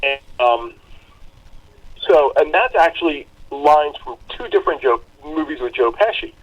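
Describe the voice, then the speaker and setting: Male co-host telling animated stories. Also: a little high, measured pace, dull audio. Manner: animated storyteller, restarts often. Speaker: podcast co-host. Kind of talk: casual chat, storytelling.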